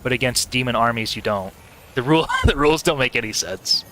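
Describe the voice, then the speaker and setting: Bright-voiced rambling male streamer. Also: medium pitch, animated, a little fast, a little hiss or hum. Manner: rambling, stammering, laughing often. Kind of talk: casual live gameplay commentary.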